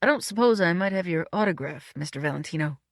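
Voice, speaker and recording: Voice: mid-range voice, lively intonation, quick pace, no echo, clean studio sound, natural voice. Narrator as an eager young stunt double, polite and a bit fussy.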